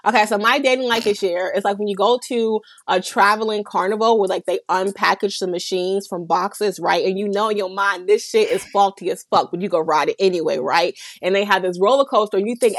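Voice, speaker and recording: A woman's voice: medium pitch, brisk, few pauses, no room sound. A young woman in casual chat, telling a vivid, profane story about her year.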